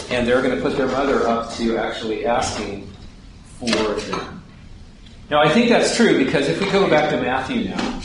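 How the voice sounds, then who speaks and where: A man delivers sermon-style Bible teaching at a mid-range pitch and keeps asking questions of his listeners. His voice comes from well away from the microphone. It rings in a heavily echoing hall with steady background noise underneath. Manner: poses questions to the audience. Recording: very echoey hall, distant mic, background noise.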